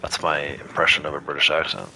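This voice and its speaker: A man's voice: extremely low pitch, little pitch movement, quick pace, sharp tone. A man giving casual, chatty commentary to viewers while playing a game on a livestream.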